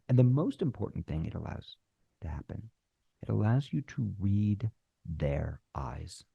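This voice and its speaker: A middle-aged man teaching screenwriting, talking animatedly, with deliberate pauses and acted-out bits of dialogue. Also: lowish voice, gravelly, dark tone, breathy edge, no echo, lo-fi sound. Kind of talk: instructional talk.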